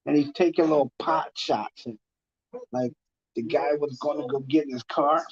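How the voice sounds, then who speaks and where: A man's voice: on the high side, steady tone, normal speed, husky. Rambling man telling a story. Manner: rambling, repeats himself, many fillers. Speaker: TV talk guest telling a story. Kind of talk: casual anecdote storytelling. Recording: muffled lo-fi sound.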